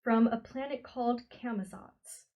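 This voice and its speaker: A woman voicing a grave, steady father who speaks slowly and distinctly. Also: on the high side.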